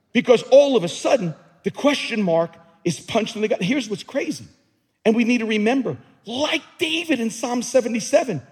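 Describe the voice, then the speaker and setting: A man pastor preaching a dramatic sermon in a church, dropping to hushed tones and climbing to shouts. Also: high voice, expressive, moderate pace, breathy edge, big-room sound.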